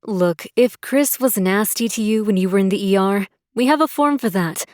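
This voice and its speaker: A woman's voice: medium pitch, normal speed, a little mellow, no room sound, clean studio sound, lightly acted. A woman voicing a wary, annoyed hospital worker in an audiobook, speaking curtly and with suspicion. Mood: suspicious. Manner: curt and suspicious. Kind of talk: audiobook character voice.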